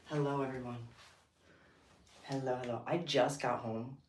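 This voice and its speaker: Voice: mid-range voice, fairly even intonation, normal speed. A livestream host talking casually, out of breath and chatty, with a scattered, giggly way of talking. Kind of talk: casual live stream chat. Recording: roomy echo, distant mic, faint noise.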